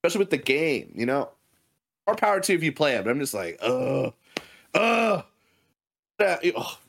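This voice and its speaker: A man's voice: fairly high pitch, sing-song, fast talker, fairly bright tone. A man co-hosting a podcast in casual chat, swearing often and laughing a lot as he rants. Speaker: podcast co-host.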